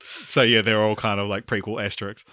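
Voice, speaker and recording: Umming man with a lowish bright voice. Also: level tone, brisk, no room sound, clean studio sound. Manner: hesitant, many ums, easy laughs. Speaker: podcast co-host. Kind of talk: casual film podcast chat.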